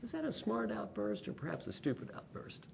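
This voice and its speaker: Older guy coach giving a video talk, really lively up and down voice, faint rumble behind. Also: fairly quick, creaky. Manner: animated storyteller who acts out quoted voices. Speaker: executive coach. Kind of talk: lecture-style video blog.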